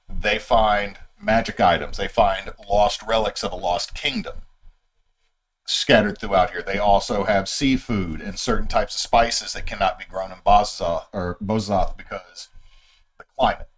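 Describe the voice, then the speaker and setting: A man as game master, casually walking his players through setting lore with plenty of fillers and restarts. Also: on the low side. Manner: rambling, filler-heavy explaining. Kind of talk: casual session-zero lore briefing.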